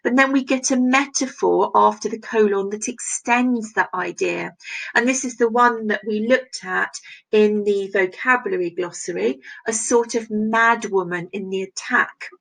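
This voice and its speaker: A woman teacher going through a text line by line, pointing out each device and reading the quoted bits with extra emphasis. Her voice has a gravelly edge at a middling pitch. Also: normal speed, fairly bright tone, low-quality recording. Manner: explanatory, reads quoted passages aloud with emphasis. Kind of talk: recorded literature lesson.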